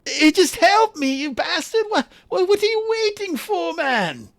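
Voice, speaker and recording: A man voicing a desperate, poisoned man who pleads frantically for help in a high, strained voice. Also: very animated, unhurried, a bit bright, dry recording, clean studio sound, exaggerated voice. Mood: pleading.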